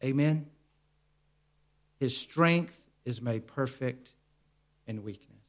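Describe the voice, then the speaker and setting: A middle-aged man preaching a sermon in an earnest, confessional way, repeating words as he searches for them, slowing down and dropping softer to stress a point. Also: mid-range voice. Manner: earnest, confessional, with hesitant repetitions; slows down for emphasis, drops to a soft voice.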